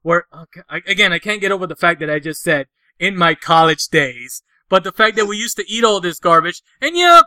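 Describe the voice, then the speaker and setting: A man's voice: high voice, lively intonation, a little fast, pushed and bright, dry recording. A man, co-hosting a podcast in casual, crude, joking chat, swearing often. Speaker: podcast co-host.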